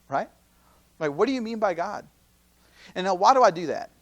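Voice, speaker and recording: A man's voice: high voice, moderate pace. Conversational man in his thirties teaching. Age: 30s. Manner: conversational, full of rhetorical questions and "right?" tags; acts out quoted speakers in lively asides. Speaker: campus minister. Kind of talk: teaching talk at a youth seminar.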